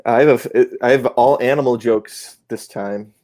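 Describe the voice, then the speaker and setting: Mellow-voiced man telling jokes. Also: mid-range voice, moderate pace. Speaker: comedy segment guest. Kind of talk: stand-up joke delivery.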